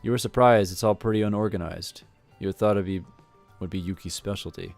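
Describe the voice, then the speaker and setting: Low-voiced man, let's play narration, rambling and wry, faint game music. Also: steady tone, a little fast, vocal fry, darkish tone, dry recording. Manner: rambling, self-correcting, wry. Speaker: video game let's player. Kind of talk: reading a visual novel aloud with commentary.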